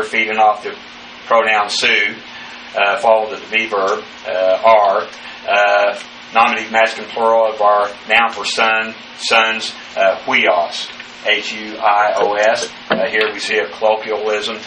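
A man teaching the Bible verse by verse, speaking haltingly with many fillers and spelling out Greek words letter by letter. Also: on the low side, bright, forceful tone. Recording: echoey room, distant mic, faint noise.

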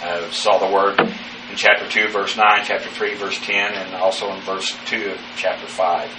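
A man teaching the Bible verse by verse, speaking haltingly with many fillers and spelling out Greek words letter by letter. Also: deep voice, flat delivery. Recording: echoey room, distant mic, faint noise.

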